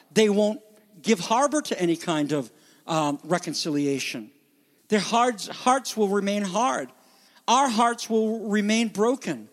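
A male pastor preaching a sermon, swinging between loud emphatic passages and hushed, near-whispered lines. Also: high-pitched.

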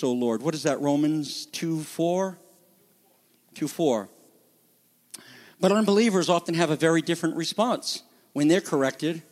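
A middle-aged male pastor with a high, bright-toned voice delivers a sermon. He preaches in an animated style, slipping into the voices of the people he quotes.

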